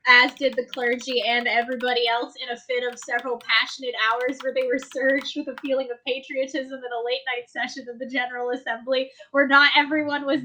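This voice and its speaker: A woman's voice: high voice, bright, forceful tone. A woman player in a tabletop game, telling a story in a chatty, playful way. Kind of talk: casual tabletop game chat.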